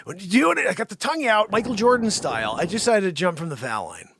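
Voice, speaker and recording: A man riffing comically, rambling and joking, with bursts of shouting. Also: high voice, very animated, fast talker, a little hiss or hum. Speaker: comedic commentator. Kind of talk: improvised comedic riffing.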